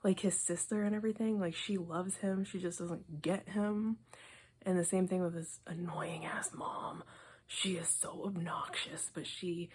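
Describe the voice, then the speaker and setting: A young woman talking casually to camera, rambling with many fillers and dropping into soft asides. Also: fairly low pitch, steady tone, measured pace, slight background noise. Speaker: video host. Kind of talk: casual review rant.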